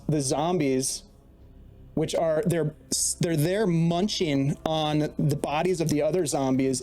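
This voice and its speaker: A man's voice: fairly high pitch, mellow. A man narrating as dungeon master, steadily setting scenes and explaining the rules. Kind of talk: narrating a tabletop game.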